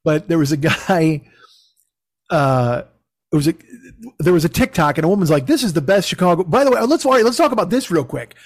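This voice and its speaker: A man's voice: fairly high pitch, fairly quick, no echo. A middle-aged man hosting a podcast, rambling through stories with lots of swearing. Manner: profane, rambling, animated storytelling. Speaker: podcast host. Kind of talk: casual chat.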